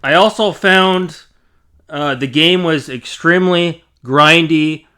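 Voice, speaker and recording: A man's voice: on the high side, takes it slowly, bright, forceful tone, smooth. A man giving an opinionated, blunt spoken game review, with many fillers and restarts. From Canada.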